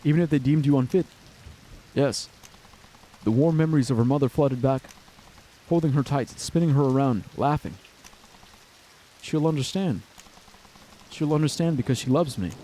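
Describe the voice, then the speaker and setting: Man reading a story game aloud, mellow. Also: mid-range voice, a little hiss or hum. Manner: expressive reading, blurts swearing reactions. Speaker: streamer.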